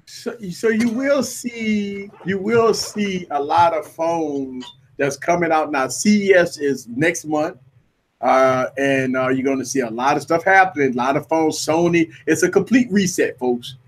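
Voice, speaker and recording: A man hosts a loose, joking livestream chat. His voice sits a little high for a man, and he tends to repeat his lines while he talks. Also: measured pace. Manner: animated, joking, repeats himself. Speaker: host.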